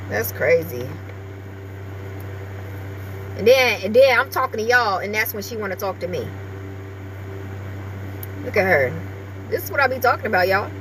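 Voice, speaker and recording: A woman's voice: a little high, a bit bright, slight background noise. A woman vlogger chatting casually with her viewers and breaking off now and then to talk to her small dog.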